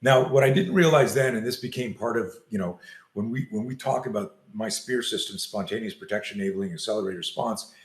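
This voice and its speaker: With a lowish voice and a slightly fast pace, an older self-defense coach recounts a lengthy story during an interview, performing each quoted line as he goes. There's a roomy echo to the recording.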